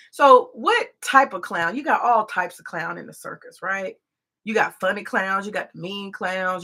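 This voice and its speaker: A woman's voice: mid-range voice, bright, forceful tone. A woman hosting a rambling, profane commentary, emphatic and repetitive, full of rhetorical questions. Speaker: commentary host.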